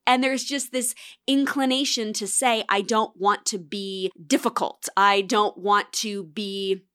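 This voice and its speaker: A woman's voice: fairly high pitch, normal speed, fairly bright tone. A woman in her thirties hosting a casual solo podcast, chatty and reflective, often acting out voices as she tells stories. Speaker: podcast host.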